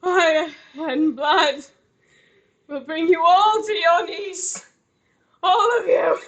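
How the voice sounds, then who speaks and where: A woman's voice: very high voice, very slow, a bit bright, heavily acted. A woman voicing a grief-crazed young noblewoman who wails, screams and sobs a prophecy of doom at a tabletop game. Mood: wailing prophecy. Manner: wailing, screaming and sobbing.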